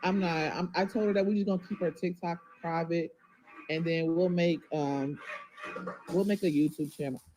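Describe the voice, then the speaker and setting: A woman's voice: on the low side, fairly even intonation, normal speed, warm tone, rough recording. A mother talking to viewers on a livestream, rambling and emotional, often turning to the audience with y'all. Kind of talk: casual livestream talk to viewers.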